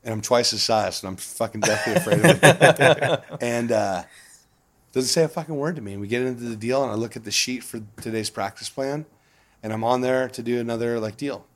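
A man being interviewed, telling stories in a casual, animated way with a lot of swearing and frequent laughter. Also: mid-range voice, a little fast. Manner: profane, animated, laughs often. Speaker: guest. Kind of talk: casual storytelling.

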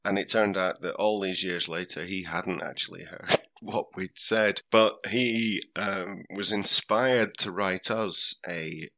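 A man's voice: sits low, slow pace, gravelly, sharp tone. A man hosting a comic podcast in a casual chat, reading listener letters aloud and chuckling now and then. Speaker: podcast host.

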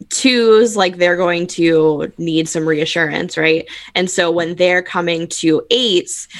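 Woman expert explaining in a low, dry voice. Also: no room sound. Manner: steady explaining, frequent "um" and "like". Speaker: Enneagram expert guest. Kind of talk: explanatory conversational chat.

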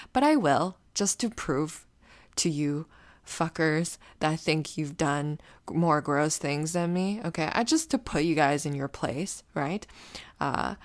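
Woman with a low voice, loose and profane, rambling through a story in a dry room. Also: no echo. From grew up partly in Canada, moved there as a child. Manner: rambling, swears often, many restarts and asides. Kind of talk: casual profane storytelling monologue.

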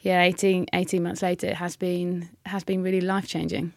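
A woman, a hockey player telling her story candidly in an interview, with frequent halting restarts. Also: on the low side, level tone, gravelly, a little mellow, no echo, clean studio sound.

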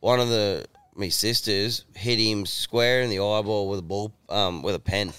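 A man's voice: on the low side, steady tone, normal speed, fairly bright tone, clean tone, dry recording. A young Australian man co-hosting a casual podcast, telling stories in a laid-back way with casual swearing. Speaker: podcast co-host. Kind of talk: casual chat.

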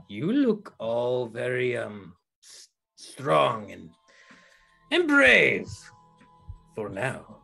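A man doing a sneering man-eating creature with a thick put-on Eastern European accent. He draws out his threats slowly, and his pitch swoops up and down as he taunts. Faint music plays underneath. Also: huge pitch swings, creaky, bright, forceful tone, breathy edge, exaggerated voice. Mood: menacing taunting. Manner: slow, drawn-out, menacing taunting. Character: sinister male creature that eats people, mocking. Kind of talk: game master voicing a villain.

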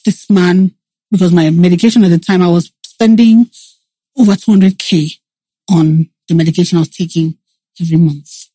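A woman, a guest telling a personal story in an interview, animated and full of restarts. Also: lowish voice, normal speed, husky, no echo. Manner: animated, acts out quoted voices, frequent restarts.

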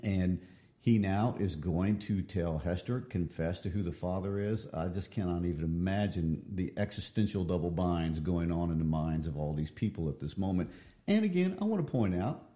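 A man's voice: sits low, fairly even intonation, normal speed, mellow. A man in a casual book discussion, talking in a thoughtful, reflective way. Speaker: co-host discussing a novel.

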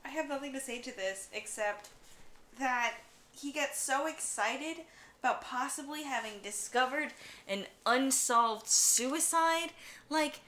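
A woman's voice: high voice, unhurried, bright, forceful tone, a little hiss or hum. A woman co-hosting a podcast in casual chat, making dry, blunt remarks. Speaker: podcast co-host.

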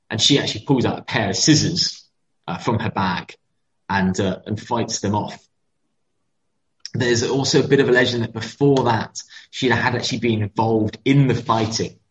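Male co-host, lowish voice, storytelling with fillers, echoey and dull recording. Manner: storytelling, with frequent fillers and restarts. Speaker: podcast co-host. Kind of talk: casual history chat. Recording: echoey, dull-sounding room.

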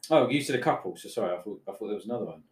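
A man's voice: fairly low pitch, animated, racing. A man co-hosting a casual football podcast, chatty and telling stories with lots of filler words. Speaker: podcast co-host. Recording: roomy echo.

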